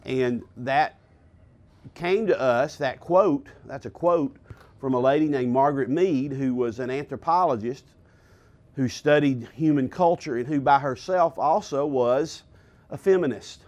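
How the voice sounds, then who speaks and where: Slow, deliberate male preacher. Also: mid-range voice, darkish tone, muffled recording. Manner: deliberate, with filler pauses and rhetorical "okay?". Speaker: pastor teaching a class. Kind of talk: sermon-style Bible lesson.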